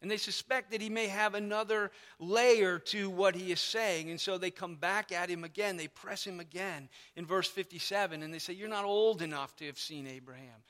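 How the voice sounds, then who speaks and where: A pastor preaches to his congregation, his voice pitched high and bright. He explains with animated emphasis. The church hall gives his words a long reverb. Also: normal speed, few pauses. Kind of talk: sermon. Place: church sanctuary.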